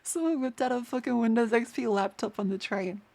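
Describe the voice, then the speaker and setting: A woman's voice: a little high, fairly quick, creaky, mellow. An Australian woman streamer chatting casually while reacting, swearing freely. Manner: swears freely, laughs easily.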